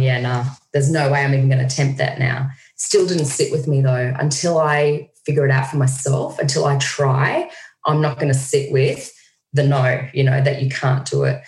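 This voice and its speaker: A woman, a guest on a video call, telling stories in a lively way and acting out what people said. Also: rumbling low. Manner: animated storyteller, acts out quoted lines. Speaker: guest speaker. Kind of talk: casual video-call conversation. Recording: echoey room.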